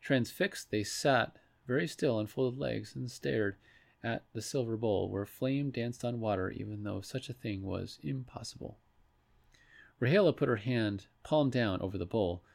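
A man reading a fantasy story aloud in a measured way, with a few restarts. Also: medium pitch, gravelly. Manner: measured, with occasional slips and restarts. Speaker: narrator. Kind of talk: storybook read-aloud narration.

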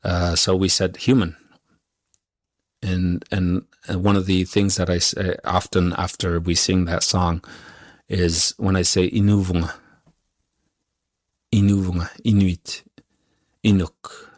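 A male musician, a guest whose first language is Inuktitut, answering interview questions haltingly with many pauses and fillers. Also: deep voice, little pitch movement, dry recording, clean studio sound.

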